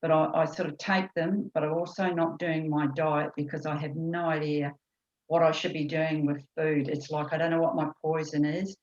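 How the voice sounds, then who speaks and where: Low-voiced New Zealand woman, echoey call. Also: level tone, moderate pace, a little mellow. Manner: rambling, chatty, with many fillers. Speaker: course participant. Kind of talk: casual video-call chat. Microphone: video call. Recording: echoey, muffled video-call audio.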